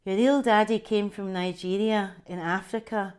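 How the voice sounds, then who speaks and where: A Scottish woman voicing a gentle, tearful mother speaking softly and soothingly to her child. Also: medium pitch, steady tone, moderate pace, clear, resonant tone, natural voice. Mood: tender. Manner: soft, soothing.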